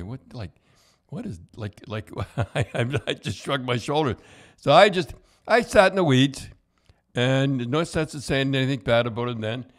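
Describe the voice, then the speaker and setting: An older man, telling hockey stories as a podcast host in a loose, rambling way with many restarts and chuckles. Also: mid-range voice. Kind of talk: casual storytelling chat.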